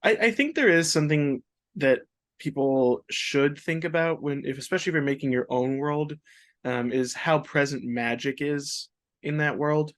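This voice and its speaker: Thoughtful man, slightly high voice. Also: fairly bright tone, no echo. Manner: thoughtful, measured, with "um" pauses. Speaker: podcast co-host. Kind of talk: casual advice chat.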